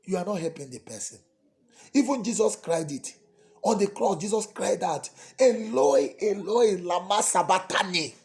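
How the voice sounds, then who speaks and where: A man, a priest preaching a sermon that swings dramatically between soft pleading and loud cries. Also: sits high, animated, moderate pace.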